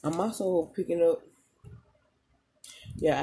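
A spiritual reader giving a casual channeled reading straight to viewers, slangy and chatty, pausing often to tune in. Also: medium pitch, steady tone, warm tone. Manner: emotional at moments, talks straight to the audience.

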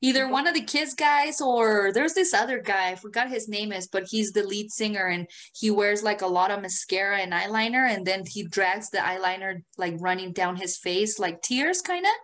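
This co-host's storytelling on a casual podcast is animated, crude and punctuated by frequent laughter. She speaks in a mid-range voice at a moderate pace, barely pausing.

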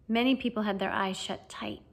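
A woman reading a children's fantasy novel aloud as an amateur audiobook. Her narration is expressive and storytelling, with a voice of middling pitch. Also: brisk, gravelly.

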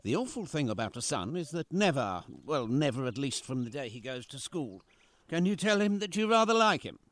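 A man playing a gentle, fond artist father in an amateur radio play, musing in a whimsical, reflective way. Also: medium pitch, very animated, brisk, dry recording. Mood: playful.

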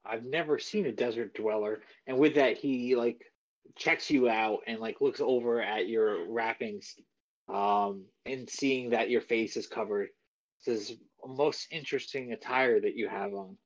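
A man's voice: medium pitch, measured pace. Man GM narrating a tabletop session, plain mid voice, slightly muffled recording. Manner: narrates with fillers, slips on names. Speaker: game master.

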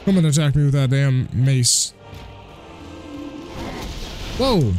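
A man hosting a let's play, commentating excitedly and trash-talking the enemies. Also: mid-range voice, slow. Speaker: gaming channel host. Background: game music.

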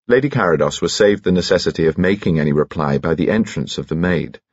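Deep, husky male audiobook narrator. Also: expressive, quick pace, hardly any pauses, a little mellow, no room sound, lo-fi sound. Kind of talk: scripted narration.

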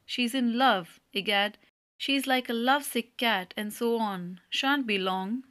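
A woman's voice: a little high, measured pace, fairly bright tone, no room sound, studio quality. Woman reading as a gushing old landowner. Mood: overjoyed. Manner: fawning, heaps on endearments. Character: gushing older male landowner, effusive.

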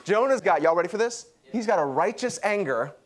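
A young adult man preaching a sermon, animated and acting out quotes. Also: a little fast. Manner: lively, acts out quotes with pitch jumps. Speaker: pastor.

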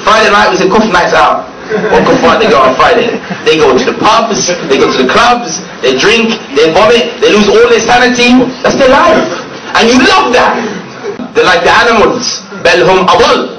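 A man giving a fiery public speech to an audience, mocking and often laughing as he talks, with drawn-out stressed words. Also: high-pitched, animated, a loud crowd. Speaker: speaker addressing an audience. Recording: echoey, distant, noisy room recording.

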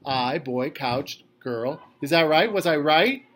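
A lonely old man with the excitable glee of a big kid, his voice pushed up higher than the reader's own, as a man reads him aloud. He rattles on eagerly, then sags when his company wants to leave. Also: moderate pace, a little hiss or hum, lightly acted. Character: cheerful lonely old male retired electrician.

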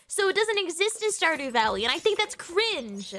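A woman streaming a video game, chatting casually, excitable and giggly with rambling fillers. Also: very high voice, normal speed. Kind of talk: casual gaming livestream chat.

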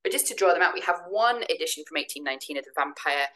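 Low-voiced woman lecturing. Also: expressive, sharp tone, rough recording. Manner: measured, explanatory, with dramatic poetry readings. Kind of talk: recorded academic lecture.

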